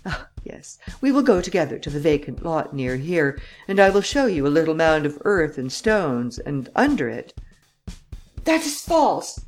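A woman reading the part of a suave, self-assured male gentleman thief in an audiobook, cool and mocking. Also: low voice.

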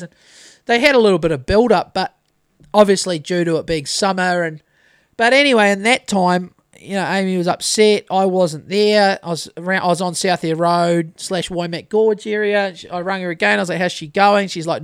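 Kiwi guy rambling through a story, lots of swearing, highish voice, dry close sound. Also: normal speed, clean tone, no room sound. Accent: New Zealand. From New Zealand. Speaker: podcast host. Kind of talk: casual chat.

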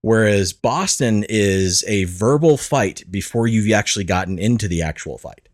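A man's voice: on the low side, expressive, normal speed. Laughing, swearing podcast host man. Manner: laughs often, swears freely, rambling restarts. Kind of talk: casual podcast chat.

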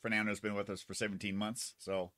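A man co-hosting a casual livestream chat, talking in halting, rambling bits. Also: fairly low pitch, flat delivery, bright, forceful tone. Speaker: co-host.

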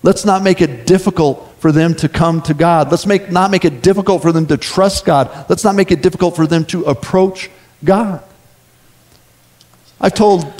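A man's voice: a little high, darkish tone. Conversational man preaching a sermon. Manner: conversational, with asides and rhetorical questions. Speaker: pastor.

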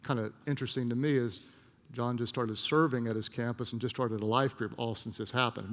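A male pastor delivers a sermon in a gravelly voice, his words ringing through the long reverb of a large auditorium. He tells a personal story, hammers phrases through repetition, and sinks to a soft, slow voice at the tender moments. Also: mid-range voice, fairly even intonation.

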